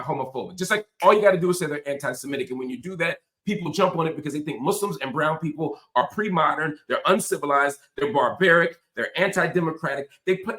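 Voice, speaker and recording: A man's voice: on the high side, fairly bright tone. A man hosting a political commentary monologue, talking in emphatic, impassioned punches. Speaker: host.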